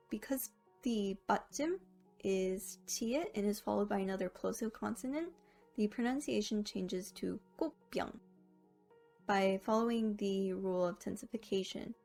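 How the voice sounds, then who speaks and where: A woman narrating a scripted language lesson, explaining rules clearly and slowing down to sound out each example word. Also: mid-range voice, darkish tone. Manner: clear, careful explanation with slow, drawn-out example words. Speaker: language teacher.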